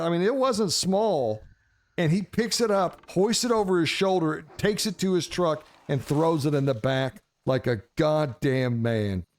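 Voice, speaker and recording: A man spinning a casual, rambling yarn, animated and full of cursing. His voice sits at an ordinary middle pitch, and he laughs through the funny parts. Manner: animated, profane, laughs while telling. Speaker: gaming streamer. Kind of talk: casual storytelling.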